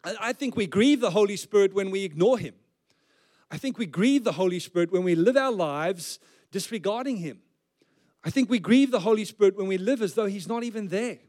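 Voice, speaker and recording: A man's voice: high voice, expressive, a little fast, a little mellow. A man, preaching as a pastor in a conversational way with joking asides. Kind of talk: sermon.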